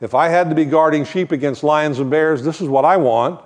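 A man's voice: fairly high pitch, brisk. An older man giving a sermon as a guest preacher, talking in a conversational way with joking asides while he shows shepherd props.

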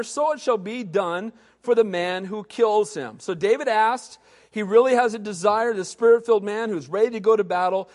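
A pastor with a notably high voice preaches in a hall that gives a long, ringing reverb. After reading scripture, he launches into animated retellings, voicing each character himself.

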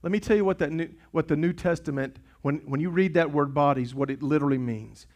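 A man's voice: fairly high pitch, quick pace, darkish tone. A man preaching a sermon as pastor, impassioned and urgent, often repeating himself for emphasis. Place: church sanctuary.

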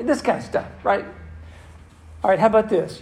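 Pastor, male, higher voice with some gravel, chatty and questioning, big echoey room. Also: normal speed, a little mellow. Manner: conversational, questioning the audience, repeats himself. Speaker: pastor teaching a church class. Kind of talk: interactive sermon. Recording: roomy echo with faint room noise.

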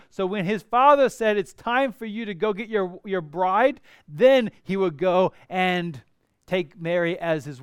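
High-voiced man preaching a sermon. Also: smooth, no echo, studio quality. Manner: animated, conversational preaching with asides. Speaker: pastor.

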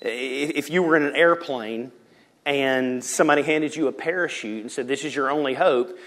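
A pastor preaching a sermon in a church, swinging from loud emphasis to hushed near-whispers and acting out quotes. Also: male voice, medium pitch, normal speed. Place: church sanctuary.

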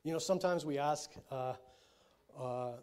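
A man preaching a sermon. He talks with his congregation, often checks in with them, and moves between quiet, low statements and loud, emphatic declarations. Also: a little slow, clean tone. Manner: conversational preaching with frequent check-ins to the congregation. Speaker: pastor.

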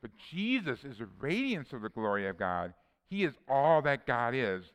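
Male preacher, earnest scripture reader, smooth resonant voice, reverberant hall sound. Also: mid-range voice, very animated, moderate pace, a bit bright. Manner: earnest, reads verses aloud, personal asides. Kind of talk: sermon with scripture readings.

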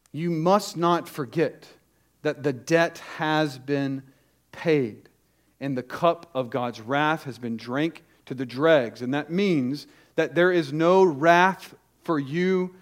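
A man preaching with urgency and emphasis. His voice sits a little higher than most men's. He punches key words hard, then slips into quick, lower asides. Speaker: pastor. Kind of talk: sermon.

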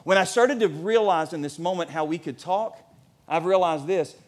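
Man, pastor, forties, high voice, animated sermon, church. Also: moderate pace. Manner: animated preaching, rising to near shouts.

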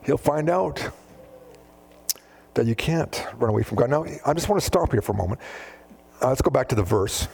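A man preaching a sermon, animated, often acting out biblical dialogue in different voices. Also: medium pitch, moderate pace, creaky, pauses often, slightly rough. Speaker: pastor.

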